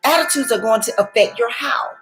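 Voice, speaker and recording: A woman in her forties or older talks as a life coach in a preacherly way, repeating her key words for emphasis. Her voice sits a little high. Soft music plays faintly behind her. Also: a little fast. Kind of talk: motivational faith talk.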